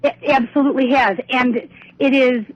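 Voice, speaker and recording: A woman's voice: high voice, fairly even intonation, moderate pace, no room sound. A woman calling in to a radio show, talking emphatically and repeating her points. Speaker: caller. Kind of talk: call-in conversation. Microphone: telephone. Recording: muffled phone line on radio.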